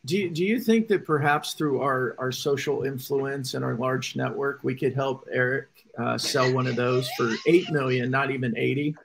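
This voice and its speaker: A man's voice: medium pitch, steady tone, normal speed, vocal fry, slight background noise. A man teasing his co-hosts in casual chat on a web show panel, over a video call mic. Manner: teasing, playful.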